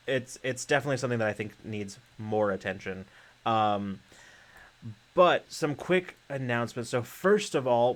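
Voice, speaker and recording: A man's voice: mid-range voice, a bit bright. A man hosting a live-streamed podcast, rambling through announcements with lots of fillers and easy laughter. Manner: rambling with many fillers and restarts; laughs easily. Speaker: podcast host. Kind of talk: casual livestream chat.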